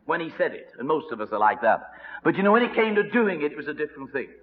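A man preaching a storytelling sermon, swinging dramatically between loud and hushed. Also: fairly high pitch, big pitch swings, fast talker. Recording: reverberant hall, dull lo-fi sound.

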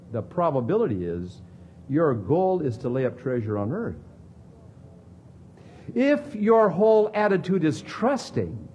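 A man preaching a sermon as a pastor, with dramatic swings between emphatic lines and hushed ones. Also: on the high side, dull audio, slight background noise.

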